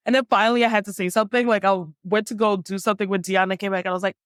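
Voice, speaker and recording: A woman's voice: medium pitch, steady tone, very fast, no echo, clean studio sound. A young adult woman co-hosting a book podcast, gushing in casual chat and laughing often. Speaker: podcast co-host.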